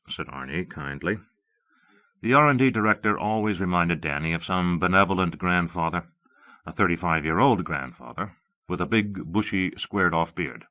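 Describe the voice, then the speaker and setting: A man narrating an audiobook in a measured, expressive reading. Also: low-pitched. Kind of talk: scripted narration. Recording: dull lo-fi cassette audio.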